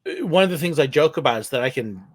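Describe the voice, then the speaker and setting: A man's voice: a little high, animated, quick pace, husky. Casual male guest from California, light voice, chatty storyteller. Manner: easygoing storyteller, laughs often. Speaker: guest, former theme park ride skipper. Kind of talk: casual video call chat.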